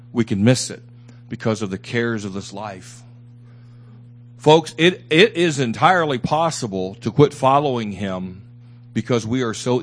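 In a fairly low-pitched voice with a little hiss or hum on the recording, a man preaches as a pastor. His delivery is emphatic, full of repeated phrases, and he drops in candid asides to the congregation.

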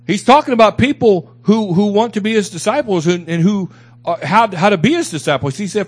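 A male pastor preaches a sermon in a high, expressive voice at a fairly quick pace. He is emphatic and repetitive, repeating phrases, and makes candid asides to his congregation.

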